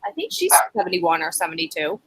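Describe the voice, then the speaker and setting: A woman's voice: lowish voice, sing-song, fast, noisy background. A woman hosting a casual livestream chat, talking with friends in an easygoing way. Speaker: reseller livestream host.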